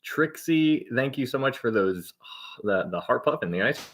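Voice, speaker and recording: A man's voice: medium pitch, animated, a little slow, fairly bright tone. A man hosting a live Bible-teaching stream, chatting casually as he greets viewers and reads out their comments. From Ohio, United States. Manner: upbeat and chatty, reads out comments and thanks viewers, laughs often. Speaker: livestream host of a Bible teaching.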